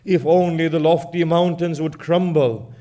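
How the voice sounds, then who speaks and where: A man's voice: a little high, steady tone, measured pace, dark tone, voice pushed up, lightly acted. A man preacher voicing a grief-stricken sister who cries out in a raised, pleading manner.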